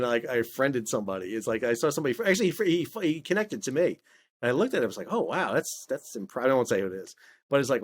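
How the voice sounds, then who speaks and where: Middle-aged male guest, chatty anecdotal delivery with lots of stammered restarts, mid-pitched. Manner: animated storyteller, frequent stammered restarts. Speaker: podcast guest, maritime historian. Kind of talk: casual conversational interview.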